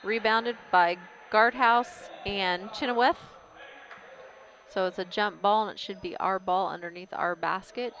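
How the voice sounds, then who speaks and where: A woman calling a school basketball game as a local announcer, casual and hesitant, with frequent pauses and fillers. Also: medium pitch, fairly even intonation, a bit bright, a little hiss or hum, rough recording. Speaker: play-by-play announcer. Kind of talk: local sports commentary.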